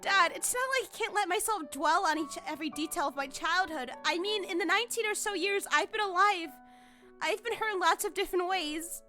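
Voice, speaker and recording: A woman's voice: extremely high pitch, fairly quick, bright, forceful tone. A woman voicing a frank nineteen-year-old daughter in a visual novel, matter-of-fact in her speech, with faint music behind. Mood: reassuring. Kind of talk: reading a visual novel aloud.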